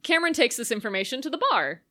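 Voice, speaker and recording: Female co-host, fairly high and bright voice, wry and opinionated. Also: big pitch swings, quick pace. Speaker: podcast co-host. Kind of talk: casual movie recap chat.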